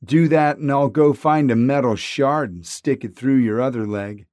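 A curt teenage boy who barks orders and short threats at a friend, as a male narrator plays him. He speaks slowly and clips his words. The sound is close and dry. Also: medium pitch, darkish tone, no echo, natural voice. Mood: annoyed. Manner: curt, commanding.

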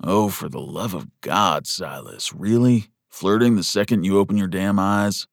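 A man's voice: low voice, unhurried, vocal fry, no echo, studio quality. A man voicing a stern, blunt young deputy in an audiobook. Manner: blunt, sharp.

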